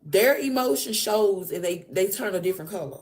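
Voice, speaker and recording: A woman hosting a podcast tells a story in a loose, chatty way. Her pitch sits mid-range for a woman. She leans hard on emphasis and slangy asides as she tells it. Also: fairly quick. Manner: animated, emphatic retelling with slang. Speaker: podcast host. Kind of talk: casual storytelling recap.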